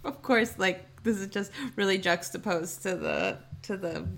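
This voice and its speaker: A woman's voice: mid-range voice, big pitch swings, measured pace, gravelly, a bit bright. A woman co-hosting a podcast, chatting casually with fillers and small laughs. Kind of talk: casual chat.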